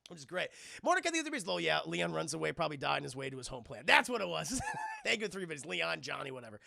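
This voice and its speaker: Creaky, bright-voiced man ranting casually. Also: fairly high pitch, sing-song, racing. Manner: profane, rambling, joking. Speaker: streamer and film reviewer. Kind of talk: casual livestream film recap.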